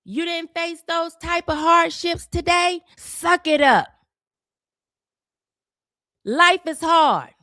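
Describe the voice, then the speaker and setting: Woman, high-pitched, unhurried delivery, sarcastic scolding commentary. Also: bright, forceful tone, dry recording, clean studio sound. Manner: repeats words when fired up. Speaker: social commentator. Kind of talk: opinion monologue.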